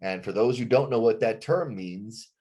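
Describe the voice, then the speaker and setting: Low-voiced, foul-mouthed storytelling man. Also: normal speed, slight background noise. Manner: profane, animated storytelling, acts out quotes. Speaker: band frontman guest. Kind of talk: casual podcast storytelling.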